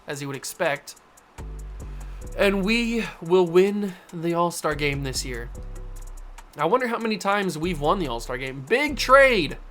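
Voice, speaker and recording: A man's voice: high voice, fairly bright tone. A man hosting a gaming channel, giving casual play-by-play of a baseball video game, cheering on his players and correcting his own slips.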